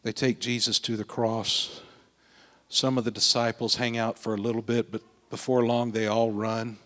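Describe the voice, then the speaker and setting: A man preaching a sermon, telling the story dramatically, with his voice swelling and then dropping to a hush. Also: mid-range voice, level tone, moderate pace, in a large hall. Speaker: pastor.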